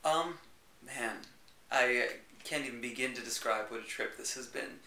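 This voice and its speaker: A man's voice: mid-range voice, normal speed, pushed and bright. Upbeat young American man, echoey room. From United States. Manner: enthusiastic, rambling, laughs easily. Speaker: interview guest, jazz pianist. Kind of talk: casual interview chat.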